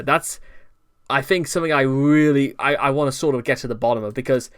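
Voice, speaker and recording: A man with a smooth, resonant voice narrates a commentary video from his notes, often stumbling into restarts. His asides turn exasperated, and his pitch sits in the middle range for a man. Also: fairly quick, fairly bright tone. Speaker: commentary channel host.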